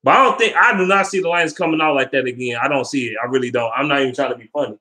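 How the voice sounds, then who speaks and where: A man's voice: mid-range voice, racing, bright, forceful tone. A young man in a casual, heated sports rant, swearing a lot and rambling between points. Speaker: sports fan vlogger.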